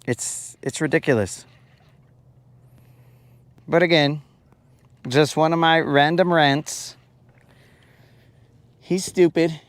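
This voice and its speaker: A man hosting a fishing show from a boat out on a lake. He rambles and jokes in a slow, drawn-out way, and his voice sits fairly high for a man. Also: steady tone, dry recording. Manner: joking, rambling, calls listeners bro. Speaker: fishing podcast host. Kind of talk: casual livestream rant.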